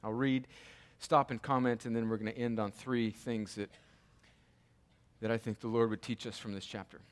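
A man's voice: fairly low pitch, little pitch movement, moderate pace, clean tone. A man preaching an expository Bible teaching in a conversational way, with asides and restarts. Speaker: pastor.

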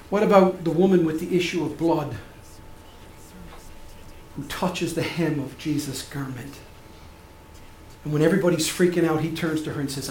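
A male pastor preaching a sermon, swinging from loud emphatic passages to soft hushed ones. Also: fairly high pitch, moderate pace, long pauses, echoey room, slight background noise.

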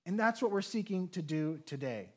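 A man preaching a sermon as a pastor, earnest and measured, slowing down to lean on key phrases. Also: high voice, expressive.

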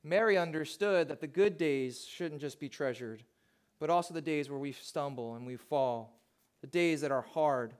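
A man with a notably high voice delivers a heartfelt sermon as a pastor. He preaches to the congregation in personal, confessional terms. His delivery sinks almost to a hush, then climbs back to full volume. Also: normal speed, clear, resonant tone. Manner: heartfelt, swings from soft to loud.

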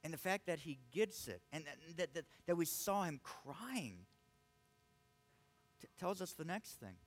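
A man's voice: on the high side, big pitch swings, unhurried. A man preaching a sermon, earnest and emphatic, often restarting his words as he presses a point. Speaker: pastor.

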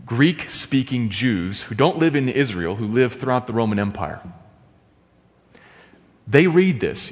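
A man preaching a sermon, swinging between quiet, measured teaching and impassioned exclamations and rhetorical questions. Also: mid-range voice. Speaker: pastor. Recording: long hall reverb.

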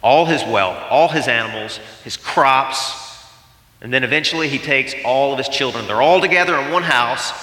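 A man preaching a sermon, telling the story with emphatic, animated delivery and acted-out quotes. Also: mid-range voice, normal speed. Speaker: pastor. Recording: echoey hall with long reverb.

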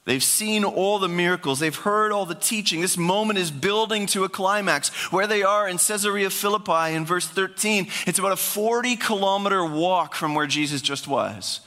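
A man's voice: high-pitched, normal speed, hardly any pauses, sharp tone, big-room sound. A man preaching a sermon as pastor, speaking in a conversational, emphatic way.

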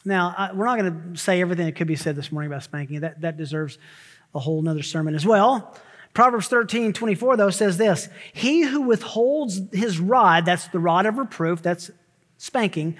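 High-voiced preaching man in reverb. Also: a bit bright. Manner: emphatic preaching with rising exclamations and quick asides. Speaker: pastor. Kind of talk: sermon. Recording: long hall reverb.

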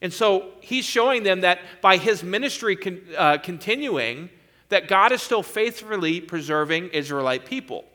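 Male preacher, bright tone, emphatic expository sermon delivery. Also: high voice, lively intonation, normal speed.

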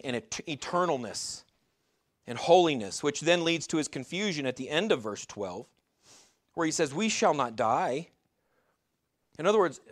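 A man preaching a sermon in a conversational way, asking his listeners rhetorical questions and sometimes stumbling and restarting. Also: a little high. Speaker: pastor.

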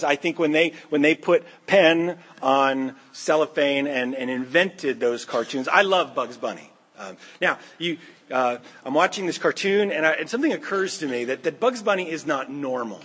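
A male pastor delivers a sermon as an animated storyteller who acts out the characters' voices. His voice sits fairly high. It has a husky edge. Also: moderate pace.

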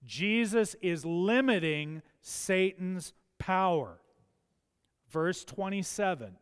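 A man preaching a sermon, emphatic and building to forceful peaks. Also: high-pitched, expressive, takes it slowly, clear, resonant tone. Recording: long church hall reverb.

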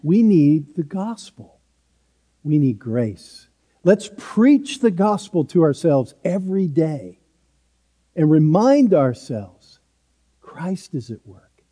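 Slow, mellow-voiced preacher in a reverberant hall. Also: male voice, a little high, big pitch swings. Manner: earnest, emphatic preaching with repeated short phrases. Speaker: pastor. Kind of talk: sermon.

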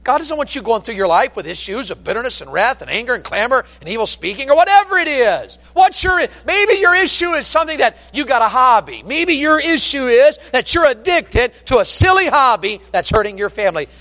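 A man preaching a sermon from the pulpit, telling folksy stories in an animated, down-home way. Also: very high-pitched, brisk, hardly any pauses, long reverb tail. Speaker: pastor. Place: church sanctuary with long reverb. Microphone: pulpit microphone.

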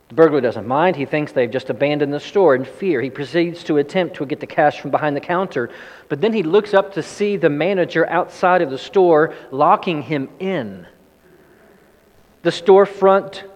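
A man's voice: a little mellow, dull audio. A man preaching a sermon, telling a story and acting out desperate pleas in a heightened voice before leading a prayer. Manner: storytelling, acts out quoted pleas with rising pitch. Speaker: pastor. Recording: long reverb of a large hall.

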